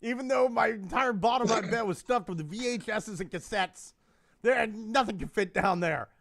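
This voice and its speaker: Male host, bright high voice, animated storyteller, casual and profane. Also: moderate pace, vocal fry, slight background noise. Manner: animated storyteller, swears often. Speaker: podcast host. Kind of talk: casual chat.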